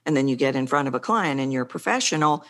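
Woman, low voice, lively pitch, vocal coach, interview guest, acts out examples. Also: fast. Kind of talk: conversational interview.

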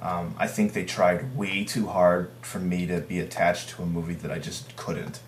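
A very low-voiced man gives blunt opinions in a casual chat. The room rings around him, and a faint hum runs underneath. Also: steady tone, normal speed, reverberant.

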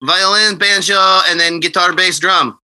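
A man's voice: sits high, fairly even intonation, normal speed, bright, forceful tone, low-quality recording. A man from Ukraine, a musician guest chatting casually, laughing often and joking. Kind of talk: casual chat.

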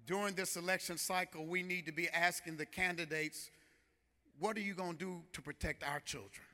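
A man preaching in a church, his voice high and strikingly bright, almost piercing. He presses his points in rhythmic waves, repeating phrases. A long reverb hangs on every word. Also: steady tone, normal speed. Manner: preaching with rising, rhythmic intensity and repetitions. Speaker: pastor. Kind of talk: sermon.

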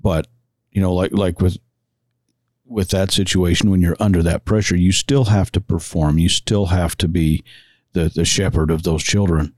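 Deep-voiced plainspoken middle-aged man. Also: fairly even intonation, normal speed, a little mellow, dry recording. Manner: plainspoken, stammers and repeats words. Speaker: guest, firefighter-paramedic and father. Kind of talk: casual podcast conversation.

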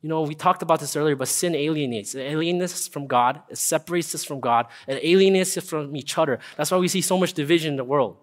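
A young man preaching a casual, earnest sermon, often checking in with listeners with a quick "right?". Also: on the high side. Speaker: pastor. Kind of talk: conversational sermon.

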